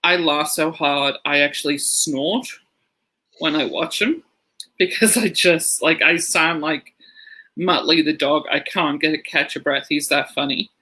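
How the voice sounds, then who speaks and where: Bright-voiced man telling stories. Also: on the high side, unhurried, husky, rough recording. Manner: rambling storyteller, laughs through anecdotes. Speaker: podcast co-host. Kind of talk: casual chat.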